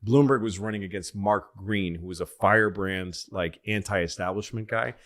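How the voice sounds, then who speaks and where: A man's voice: lowish voice, normal speed, a bit bright. A middle-aged man from Massachusetts spins rambling anecdotes as a guest on a casual podcast. He slips into the voices of the people in his stories and then drops back into his easygoing chat.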